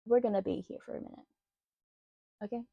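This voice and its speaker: A woman's voice: mid-range voice, steady tone, creaky, husky, no echo, narrow, tinny audio. A young Australian woman reviewing books in a chatty, rambling way that slides into rants. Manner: chatty, rambling, quick to rant. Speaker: book vlogger. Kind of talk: casual book review chat.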